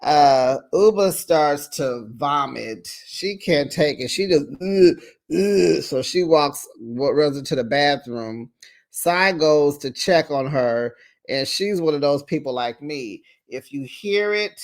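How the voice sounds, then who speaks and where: A host recapping reality TV episodes in a chatty, sassy way, with drawn-out asides. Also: mid-range voice, lively intonation. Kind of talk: casual recap commentary.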